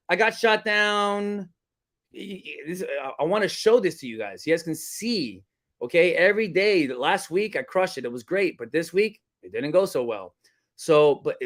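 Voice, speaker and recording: A man with a fairly high voice coaches real estate agents on cold calling. He talks in an energetic, casual way and keeps addressing his viewers as guys. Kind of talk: live-streamed cold-call coaching.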